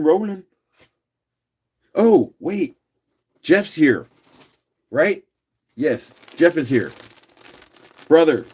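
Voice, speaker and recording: Man with a rough morning voice. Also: mid-range voice. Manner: relaxed, chatty, clears throat often. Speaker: livestream auction host. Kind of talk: casual live auction chat.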